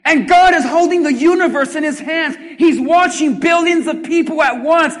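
A man preaching a sermon, swinging from loud emphatic shouts to quiet, drawn-out phrases in a church. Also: extremely high pitch. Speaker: pastor. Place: church sanctuary. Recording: long reverb in a large hall.

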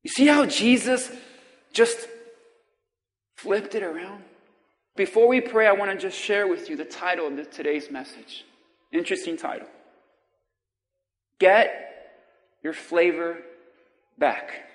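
A man preaching a sermon as pastor, drawing out his words and calling the congregation to repeat after him. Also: high voice. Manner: preaching with call-and-response to the congregation; slow, drawn-out emphatic delivery. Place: church sanctuary. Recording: long reverb of a church hall.

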